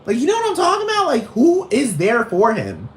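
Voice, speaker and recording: A man's voice: on the high side, expressive, normal speed, a bit bright. A man performing a brash, gossipy young woman who goes on a rambling, profane rant in a comedic character monologue. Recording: roomy echo.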